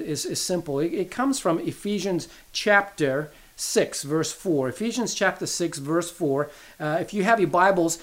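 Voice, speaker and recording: Earnest middle-aged man teaching Scripture. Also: sits high. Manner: earnest, repeats key phrases for emphasis. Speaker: pastor or Bible teacher. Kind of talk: sermon-style Bible teaching and storytelling.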